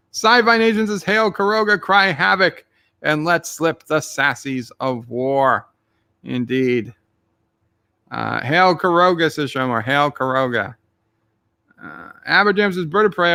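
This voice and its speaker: A man's voice: medium pitch, gravelly, bright, forceful tone, no room sound. A man streaming live, reading his chat messages aloud with dry joking asides.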